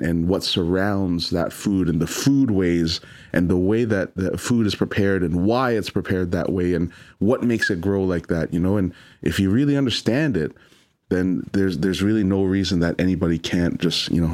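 A man's voice: sits low, darkish tone. A man, a chef, talking earnestly in an interview, often stumbling and repeating his words. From Toronto, Canada. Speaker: chef and restaurant owner. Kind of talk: conversational interview.

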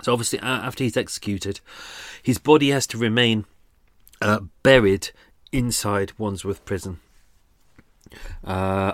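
Low-voiced chatty man, dry mic. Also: fairly even intonation, a little slow, pauses often, no echo. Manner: rambling, chatty, many fillers and restarts. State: slightly out of breath. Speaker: true crime podcast host. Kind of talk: casual unscripted narration.

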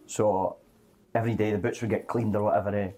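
A man's voice: on the low side, fast talker. A Scottish man, a former footballer, chatting casually and ending lines with "eh". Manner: relaxed, ends lines with "eh". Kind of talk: casual chat.

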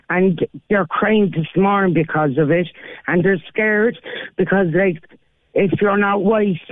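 A woman's voice: on the low side, dry recording. An Irish woman calling into a radio show, talking indignantly in a casual way, with lots of "like"s. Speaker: caller. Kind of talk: phone-in call. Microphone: telephone. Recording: tinny phone line.

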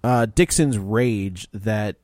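A man's voice: on the low side, slow, a little mellow, no room sound, clean studio sound. A man in casual chat, retelling a film and acting out the characters' lines.

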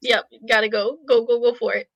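A woman's voice: fairly high pitch, little pitch movement, fairly quick, a bit bright, dry recording. A woman guest on a podcast, chatting casually in a playful, teasing way and laughing often. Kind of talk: casual chat.

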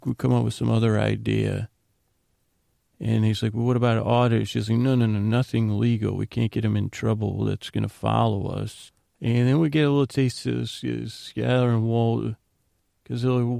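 Male podcast host, gravelly and mellow, meandering recap, dry close sound. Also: lowish voice, dry recording. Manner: meandering, restarts, quotes characters offhandedly. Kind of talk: rambling casual recap.

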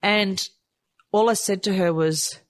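A woman telling a personal story candidly and from the heart, rushing and restarting her sentences. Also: mid-range voice, fairly even intonation, no room sound. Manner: heartfelt, rushed, with frequent restarts. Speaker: storyteller sharing a personal experience.

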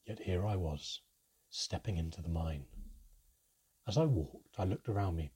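A man reading a fantasy storybook aloud in first person, with a steady, measured delivery. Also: deep voice, breathy edge. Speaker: audiobook narrator.

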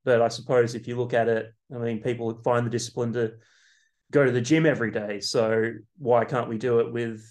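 A man hosting a podcast, asking thoughtful questions in a relaxed way. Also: medium pitch, fairly quick. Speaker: podcast host. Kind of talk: casual podcast interview.

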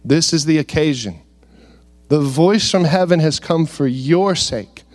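Male preacher, high-pitched, animated sermon delivery with rhetorical questions. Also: unhurried. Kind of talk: sermon with scripture reading.

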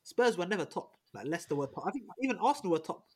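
A young man making his case quickly and animatedly in a casual football podcast debate, with slangy phrasing. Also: sits high, sing-song, a little mellow, breathy edge. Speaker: podcast panelist.

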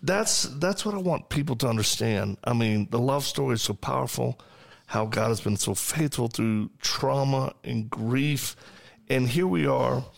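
A man's voice: medium pitch, measured pace, creaky. A man hosting a podcast interview in an encouraging way, with frequent affirmations. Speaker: podcast host. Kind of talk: conversational interview.

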